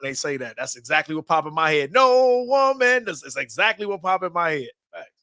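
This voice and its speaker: A man co-hosting a casual livestream, excitable and quick to jump in, laughing often. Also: fairly high pitch, no room sound, clean studio sound.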